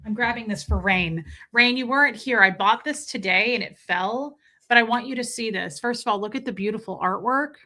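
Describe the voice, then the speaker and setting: A woman's voice: on the high side, brisk, pushed and bright. A young woman hosting a livestream, chatting casually with her viewers, telling stories and swearing freely. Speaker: livestream host.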